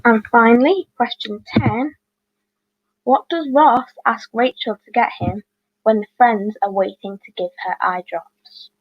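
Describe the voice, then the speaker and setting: A woman reading out quiz questions as host, with chatty, apologetic asides and quick self-corrections. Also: fairly high pitch, dry recording, highs cut off.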